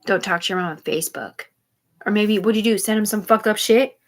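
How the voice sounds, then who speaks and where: A woman talks live to her stream in a loose, rambling monologue. Her delivery is agitated and full of swearing. Her thoughts tumble over each other in quick digressions. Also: medium pitch. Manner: rambling, profane, rapid digressions; agitated, repeatedly says "dude". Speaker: livestreamer.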